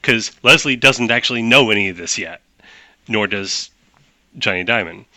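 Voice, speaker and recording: A man's voice: lowish voice, moderate pace, sharp tone, dry recording. A man narrating a tabletop game as game master, explaining rules at length with frequent restarts.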